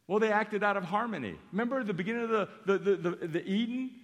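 A pastor preaching a sermon in an animated, emphatic way, repeating phrases for effect. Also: male voice, high voice, fast, hardly any pauses. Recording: long reverb of a large hall.

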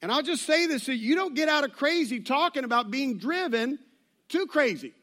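A man's voice: extremely high pitch, expressive, normal speed, bright, forceful tone. A man preaching a sermon in a church, conversational with joking asides and rambling restarts. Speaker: pastor.

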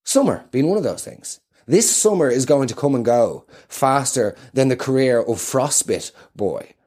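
Animated Irish comedian ranting. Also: male voice, medium pitch, moderate pace. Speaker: comedian and show host. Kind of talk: comedic monologue.

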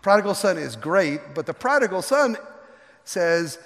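An older man preaching a sermon as pastor, telling the story with animated, folksy asides and acting out the characters. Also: high voice, unhurried. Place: church sanctuary. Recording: long reverb of a large hall.

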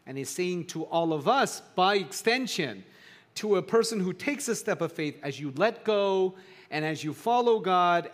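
Middle-aged male pastor, fairly high voice, chatty sermon delivery with emphatic swells. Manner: conversational, animated preaching with rising emphasis.

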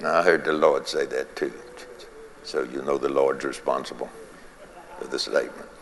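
A man's voice: a bass voice, steady tone, moderate pace, a bit bright, in a large hall, slight background noise. A man preaching a folksy sermon, repeating phrases and chuckling between points.

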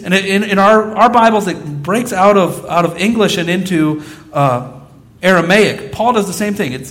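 A man preaching a sermon as pastor, telling stories with lively, acted-out quotes. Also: high voice. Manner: animated storytelling, acting out quoted voices.

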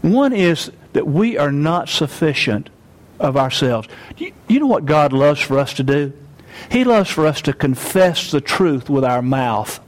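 Earnest preacher with a raised voice. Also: male voice, a little high, animated. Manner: earnest, leads congregation in call-and-response; emphatic, slows down for key phrases. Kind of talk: sermon.

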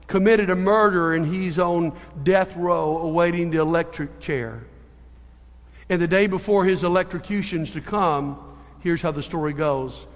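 High-voiced man preaching in a hall. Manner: animated storyteller, shifting between hushed and emphatic. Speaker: pastor. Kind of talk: sermon with storytelling.

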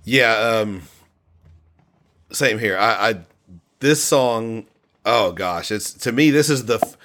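A man co-hosting a casual album discussion, enthusiastic and halting, full of fillers and restarts. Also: on the low side, lively intonation, fairly bright tone. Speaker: podcast co-host reviewing an album.

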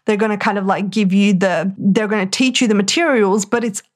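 A woman's voice: mid-range voice, steady tone, brisk. A woman talking in a casual, chatty way to her audience as a business coach, emphatic and full of "like". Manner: chatty, heavy use of "like", emphatic. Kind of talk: casual motivational monologue.

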